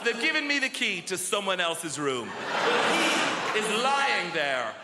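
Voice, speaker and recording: A man performing a stand-up comedy set in a theatre, animated and acting out other people in loud voices. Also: high-pitched, measured pace, heavy background noise. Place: large theatre stage before a live audience. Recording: roomy hall with loud audience laughter.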